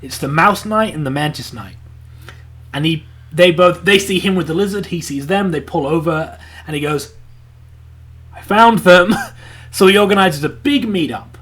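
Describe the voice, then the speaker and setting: A man's voice: on the high side, a bit bright, slightly rough. A man co-hosting a casual review podcast, rambling through a plot recap full of "like" and acting out character lines. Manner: acts out character lines in quick voices. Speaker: podcast co-host. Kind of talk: casual anime review chat.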